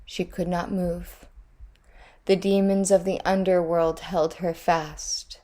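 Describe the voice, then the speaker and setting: A woman reads a storybook aloud at an unhurried, measured pace. Her voice sits low and calm. Each line is placed with care. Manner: measured, deliberate reading.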